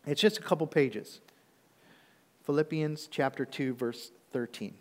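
Conversational preacher in a reverberant hall. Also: male voice, fairly high pitch, unhurried. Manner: conversational preaching with frequent "okay?" check-ins. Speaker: pastor. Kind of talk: sermon.

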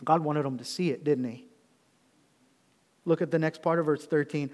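Middle-aged male pastor, high tenor voice, preaching with swells of intensity, long hall reverb. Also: steady tone, a little mellow. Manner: preaching with rising intensity, reading scripture slowly. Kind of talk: sermon.

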